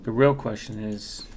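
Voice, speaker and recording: A man's voice: medium pitch, vocal fry, slightly rough. A man from the United States rambling casually while browsing, with many fillers and self-corrections.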